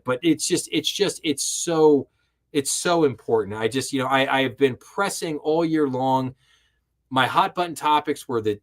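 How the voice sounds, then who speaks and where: A man's voice: mid-range voice, a bit bright. A man hosting a live-streamed finance show, giving impassioned, sarcastic commentary and often stumbling over repeated words as he gets worked up. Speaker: host.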